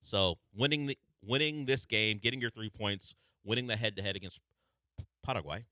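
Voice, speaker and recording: A man's voice: on the low side, a little fast, bright, forceful tone, no echo, studio quality. A man hosting sports talk radio, explaining at length in a chatty, analytical way.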